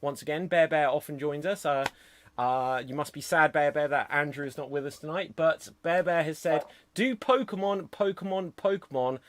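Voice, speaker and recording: Upbeat male improv host, high voice. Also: a bit bright. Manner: brisk, upbeat, explains games clearly. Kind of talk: hosting live online improv. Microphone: video call.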